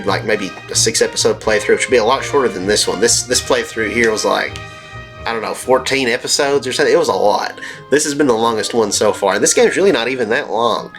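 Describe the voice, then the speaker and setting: A man's voice: medium pitch, fairly bright tone. A man hosting a let's play, rambling and cracking jokes in casual gameplay commentary, with plenty of fillers. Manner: rambling and jokey, with frequent fillers. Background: faint game music.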